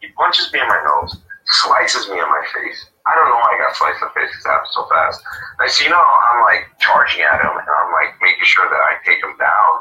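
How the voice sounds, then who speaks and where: A very deep-voiced man tells a story on a call-in radio show, rambling and animated, with lots of "you know" and "like". His voice has a hard, forceful edge. It comes through an echoey phone line, far from the mic. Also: brisk. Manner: rambling, animated retelling with many fillers. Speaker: guest.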